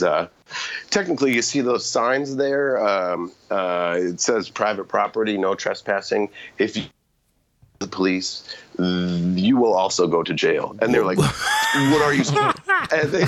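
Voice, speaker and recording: A middle-aged man on a podcast telling a long, rambling story in casual chat, often correcting himself and laughing. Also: sits low.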